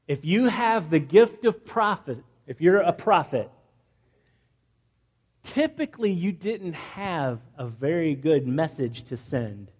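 A male pastor with a fairly high voice delivers a relaxed, conversational sermon. He jokes with his listeners and acts out the people in the story as he goes. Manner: acts out biblical characters in playful asides, jokes with the congregation.

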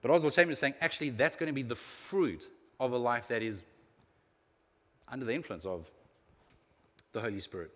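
A man preaching a sermon as a pastor, lively and animated, getting loud and quiet by turns. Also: mid-range voice, fairly quick, long pauses. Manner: lively, animated preaching with sudden swings in loudness. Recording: long echo of a hall.

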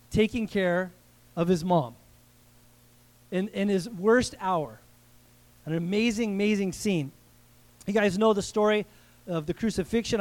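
Man, guest pastor, high voice, conversational sermon, joking asides, restarts. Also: darkish tone. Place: church service.

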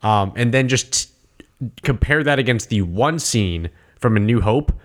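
A man in a casual podcast conversation who talks emphatically, stopping and restarting mid-thought. His voice sits at a typical middle pitch for a man. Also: expressive. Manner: halting, restarts often, emphatic. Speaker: podcast co-host. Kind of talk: casual chat.

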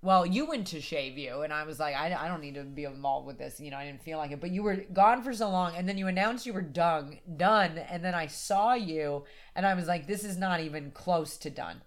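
A woman's voice: low-pitched, fairly quick, few pauses. A woman from the United States, chatting casually as a podcast co-host, rambling and filling her talk with "like.". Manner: rambling, lots of "like" and hedging. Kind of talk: casual chat.

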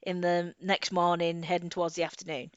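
Chatty woman, smooth dry voice. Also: on the low side, flat delivery, brisk, no echo. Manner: chatty, laughs often, trails off and restarts. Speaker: podcast co-host. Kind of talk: casual book discussion. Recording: slightly dull lo-fi audio.

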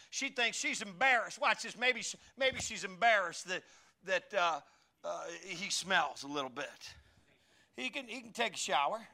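A man preaching an animated, joking sermon and speaking directly to his congregation. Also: sits high. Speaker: pastor.

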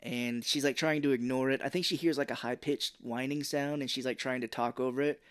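A man's voice: medium pitch, a little fast, clean tone. A man co-hosting a podcast, casually retelling a movie plot, acting out the characters' lines and swearing freely. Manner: animated, acts out quotes, swears freely. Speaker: podcast co-host.

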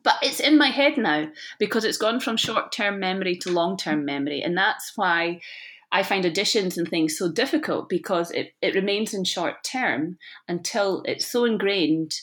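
A woman's voice: mid-range voice, expressive, normal speed, a bit bright. A woman in her forties talks easily in a casual interview, with a slight lisp from a lazy tongue. She is self-deprecating and laughs at herself often. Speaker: actress, podcast guest.

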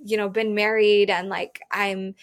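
A woman's voice: medium pitch, flat delivery, unhurried. A woman in her thirties telling a personal story as an interview guest, candid and chatty, often saying "like" and laughing.

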